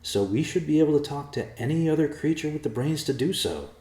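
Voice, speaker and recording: A man's voice: fairly high pitch, animated, a little fast, warm tone, roomy sound, voice pushed up. A man voicing an earnest, polite young human man on a quest. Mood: eager.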